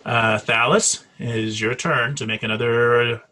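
A man's voice: mid-range voice, fairly even intonation, a little slow, pushed and bright. A man narrating as game master of a tabletop game, hesitant with many fillers and restarts.

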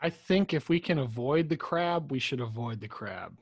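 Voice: medium pitch, animated, normal speed, husky. A player at a tabletop game talking casually, with joking, self-deprecating remarks.

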